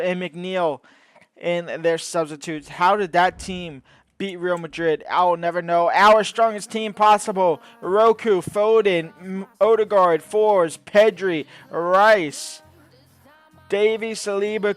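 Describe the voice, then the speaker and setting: Hosting a gaming channel, a man rambles through casual commentary on his own gameplay, swinging from low muttering to loud outbursts. The tone is clean.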